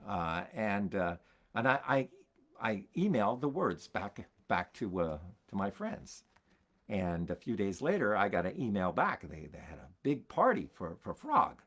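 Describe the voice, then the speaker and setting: Halting, bright-voiced older folksinger. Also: male voice, lowish voice, big pitch swings. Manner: halting, repeats words and chuckles as he goes. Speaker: folksinger hosting his own live stream. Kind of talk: rambling storytelling to an online audience.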